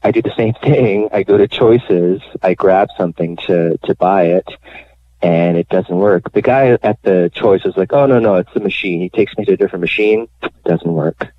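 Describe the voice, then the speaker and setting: A man being interviewed on the radio, telling his own story in a candid, animated way with many fillers. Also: sits low, normal speed, no room sound. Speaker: guest telling his bank fraud story. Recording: dry phone line.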